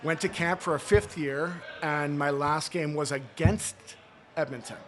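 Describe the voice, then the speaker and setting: A man's voice: on the high side, fairly even intonation, a little slow, a bit bright, slight background noise. Earnest former hockey player, a man. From Toronto, Canada. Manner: earnest, heartfelt storytelling with fillers. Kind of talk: casual interview chat. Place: podcast studio inside a sports bar.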